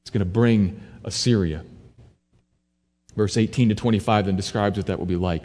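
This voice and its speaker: A man's voice: lowish voice, brisk, dark tone. Man preaching in a reverberant hall. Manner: teaching, explaining scripture verse by verse. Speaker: pastor. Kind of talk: sermon.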